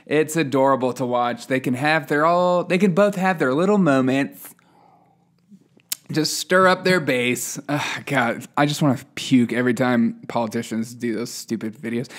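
A man's voice: mid-range voice, a bit bright. A man hosting a casual news podcast, reading headlines with sarcastic, chuckling asides and a loose, unscripted manner. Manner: loose, unscripted delivery with fillers. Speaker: podcast host.

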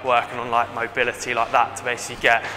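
A young man, a rugby winger explaining his sprint drills in a halting, casual way full of "like" and "basically". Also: medium pitch, completely flat delivery, bright, forceful tone. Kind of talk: casual demonstration chat. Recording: reverberant space with faint music.

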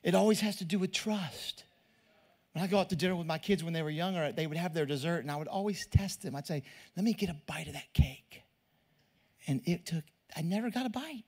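A middle-aged man with a drawl preaches a sermon in a high voice for a man. He talks to the crowd like a friend, doubles back over his words and keeps asking them questions. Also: fairly quick, a little mellow. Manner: conversational, repeats words, asks the crowd questions. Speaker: pastor.

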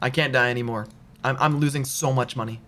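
Young man streaming a game, bright voice. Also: mid-range voice, steady tone, fast talker, a little hiss or hum. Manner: frustrated, repeats himself, slangy. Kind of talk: gaming live stream chat.

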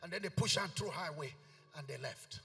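A man's voice: fairly high pitch, fast, creaky, slightly rough. A man with a Nigerian accent preaching a sermon as pastor, pleading and emphatic, repeating short commands again and again. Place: large church hall. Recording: reverberant church hall with keyboard. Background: soft keyboard music.

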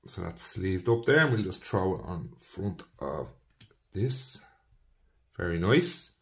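Guy, young, low-ish voice, easygoing card-break host chatting to viewers and listing names. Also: sing-song, slow. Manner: chatty, talks to viewers as folks, rattles off player names. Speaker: trading card box breaker. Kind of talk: casual card-opening commentary.

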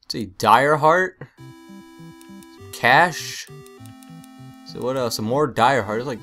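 A man's voice: medium pitch, takes it slowly, creaky, long pauses, sharp tone, faint music behind. A man casually commentating a video game playthrough, rambling and repeating himself, yelping when startled. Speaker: gameplay channel host. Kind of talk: casual let's-play commentary.

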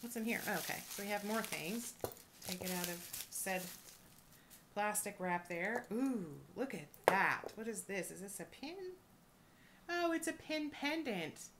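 A woman reselling jewelry, chatting casually and gushing with excitement as she unboxes a thrift lot. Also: mid-range voice, unhurried, noisy background. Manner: gushing, excitable, lots of oohs and little laughs.

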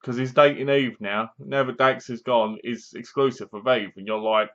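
A man's voice: medium pitch, steady tone, normal speed, fairly bright tone, highs cut off. A young man chattily retelling a film's plot in a casual review, leaning on fillers like "basically". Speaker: film reviewer. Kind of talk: casual spoken movie review.

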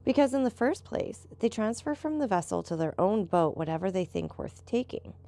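Woman reading as a calm seasoned sea captain. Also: medium pitch, moderate pace, dry recording. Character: seasoned male boat captain, calm and knowing.

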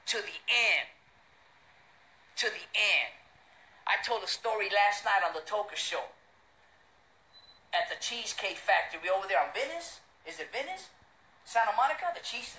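A middle-aged man, telling a street story as a show host, loud and profane, putting on the voices of the people in it. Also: high voice. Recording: roomy echo.

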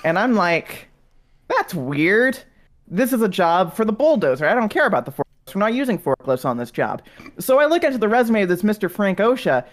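A woman's voice: mid-range voice, big pitch swings, fairly quick, close to an everyday voice. A woman playing a chatty hiring manager gossiping about wild resumes in improv comedy. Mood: gossipy. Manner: casual gossiping storyteller, swearing.

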